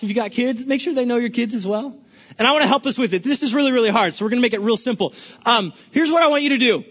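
A man preaching a sermon as a pastor, animated and playful, often stammering and restarting his sentences. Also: very high-pitched. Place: large church hall. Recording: dull lo-fi recording with long hall reverb.

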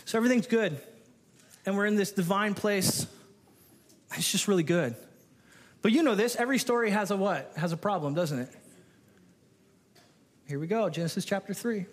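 Lively high-pitched preacher man. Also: moderate pace, pauses often. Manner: animated, playful, acts out the people in the story. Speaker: pastor. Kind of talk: sermon.

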